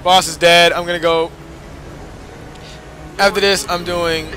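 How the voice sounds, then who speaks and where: A young man narrating his game in casual commentary, frustrated and swearing, repeating his cheers. His voice is high and very bright, almost sharp. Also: flat delivery, a little slow, slight background noise. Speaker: gamer.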